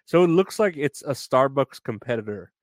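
A man's voice: medium pitch, expressive, moderate pace, no echo. A man hosting a casual solo podcast, rambling loosely with many fillers and frequent laughs. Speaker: podcast host.

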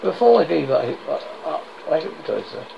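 A man reading the part of a feverish, desperate bedridden man who begs to go to his dead wife, in a gravelly voice with broken repetitions. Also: fairly high pitch, big pitch swings, a little fast, full character voice. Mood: urgent. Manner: pleading, frantic, broken repetitions. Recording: dull lo-fi noisy recording.

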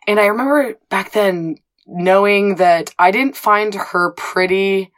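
A woman in her twenties from the southwestern United States, telling candid personal stories as an interview guest, animated, with fillers and playful swearing. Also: medium pitch, takes it slowly. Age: 20s. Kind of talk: casual storytelling interview.

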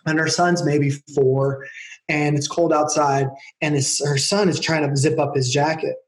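A man telling stories as a guest on an interview show, lively and acting out the people in his anecdotes. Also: fairly high pitch, measured pace. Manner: animated storyteller, acts out voices in anecdotes. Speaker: podcast guest, performance coach. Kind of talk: casual interview chat. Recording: roomy echo.

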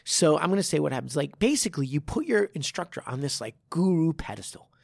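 A man who teaches martial arts, talking in a casual podcast chat and telling a story with animated swearing and frequent restarts. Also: on the high side, quick pace, gravelly, no room sound.

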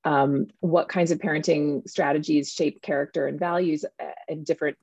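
A woman in her thirties, an author, chatting in an interview with an animated manner and plenty of fillers. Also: low-pitched, moderate pace, breathy edge, no echo. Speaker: author and guest. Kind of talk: casual interview conversation. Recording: dull, lo-fi sound.

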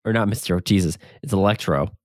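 A man's voice: lowish voice, quick pace, darkish tone, no echo, clean studio sound. A young man co-hosting a casual podcast, laughing and chiming in about a movie. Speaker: podcast co-host.

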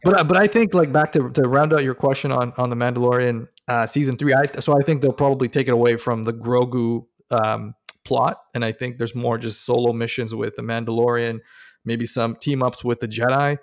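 A man co-hosting a podcast in loose, casual chat. He is excitable, swears freely and keeps throwing questions at his partner. His voice sits at a middle pitch. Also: brisk. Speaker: podcast co-host.

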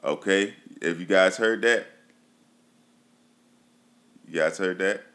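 A man's voice: sits low, slow pace, fairly bright tone. A man casually reviewing TV shows for his viewers. He talks loosely, with lots of fillers, and repeats himself for emphasis. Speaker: TV show reviewer.

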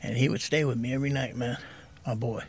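A soft-spoken man in his fifties, telling his own story candidly as a podcast guest. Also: mid-range voice, fairly even intonation, fast talker, a little hiss or hum.

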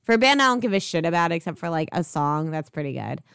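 Chatty young woman with a smooth voice. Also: fairly low pitch, expressive, fast talker, a bit bright, dry recording, clean studio sound. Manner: chatty, lots of "like" fillers, swears casually. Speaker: podcast co-host. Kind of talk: casual chat.

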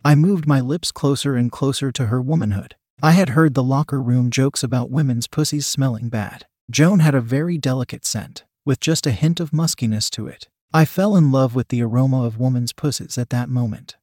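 A man reads a first-person story aloud in a steady, even manner. His voice sits at a middling pitch, and the recording is dry and close, with no room echo. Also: normal speed, hardly any pauses.

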